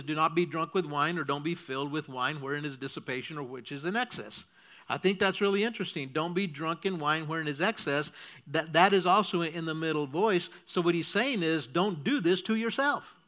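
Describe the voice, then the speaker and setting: A man's voice: sits high, bright, forceful tone. A man preaching a sermon, explaining a point step by step and checking in with the congregation with frequent "okay?"s. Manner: teaching, asks the congregation to repeat and checks "okay?". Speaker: pastor.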